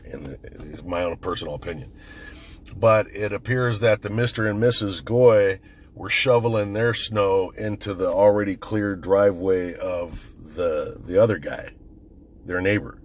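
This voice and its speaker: A low-pitched man recording on his phone, a firearms commentator, rambles through an account of an incident, cursing freely and starting his sentences over again and again. There's a little hiss or hum in the audio.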